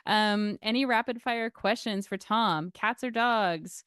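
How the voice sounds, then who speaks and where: A woman hosting a casual livestream chat, bubbly and quick to laugh. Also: medium pitch, a bit bright, smooth, no echo, studio quality. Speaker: stream host.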